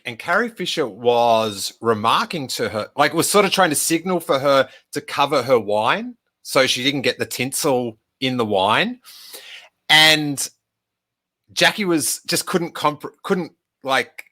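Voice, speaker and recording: A man's voice: mid-range voice, bright, forceful tone. A man, hosting a live stream Q&A and telling a rambling anecdote full of fillers. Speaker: podcast host.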